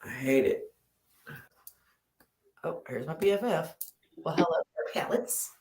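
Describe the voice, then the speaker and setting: A woman with a deep, expressive, slightly mellow voice speaks slowly during a late-night livestream from home. The chat is casual as she rambles, laughs and gets drowsy, recorded in an echoey room through a laptop or phone mic.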